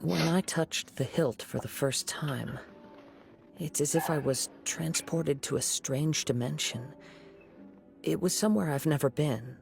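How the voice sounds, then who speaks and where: An actor voicing a calm wandering young male swordsman in a video game, speaking in a composed, measured, gentle manner. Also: on the high side, vocal fry. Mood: reflective. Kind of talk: game voice acting. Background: game music.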